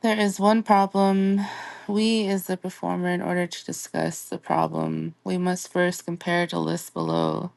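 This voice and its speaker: A woman reading a recorded language lesson, slow and deliberate as she sounds out word forms one at a time. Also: lowish voice, flat delivery, gravelly, a little mellow, dry recording. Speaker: language teacher.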